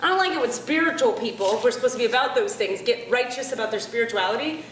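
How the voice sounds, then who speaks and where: A woman doing stand-up comedy in a chatty, animated way, often asking the audience questions. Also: a little high, fast talker, echoey room, a little hiss or hum.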